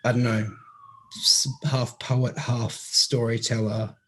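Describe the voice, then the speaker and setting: A man's voice: medium pitch, steady tone, slow pace. A man with an Australian accent, a comedian guest in a casual podcast chat, talking in a reflective, meandering way with many fillers.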